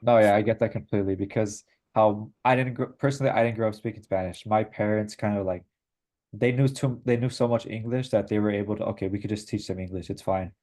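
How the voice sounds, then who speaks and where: A young adult man interviewing for an oral history project, asking questions and agreeing in a relaxed way. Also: fairly low pitch, fast talker.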